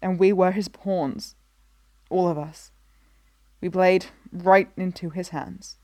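A woman voicing a grave, weary man, a senator, speaking in a somber, measured way. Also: fairly low pitch, steady tone, dark tone, dry recording.

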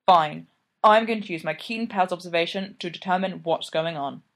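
A man's voice: high voice, moderate pace, gravelly, a bit bright. Woman reading as a blunt young college guy, firm and teasing. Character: tipsy young male college friend, blunt and protective.

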